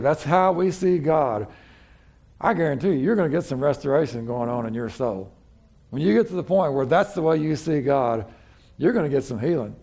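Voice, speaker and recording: A man's voice: fairly high pitch, creaky, a little mellow. A man, preaching a sermon as pastor in a folksy, conversational way with frequent restarts.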